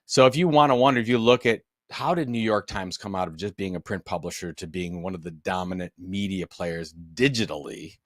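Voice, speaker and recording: A man presenting a business webinar, talking straight to his audience with energetic, emphatic delivery. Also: low voice, a little fast, hardly any pauses, no room sound, clean studio sound. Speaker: business author and speaker.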